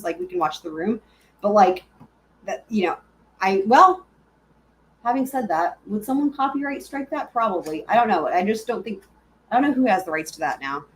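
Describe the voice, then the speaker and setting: A woman's voice: medium pitch, slight background noise. A woman hosting a live stream, chatting casually and giggling as she answers her viewers.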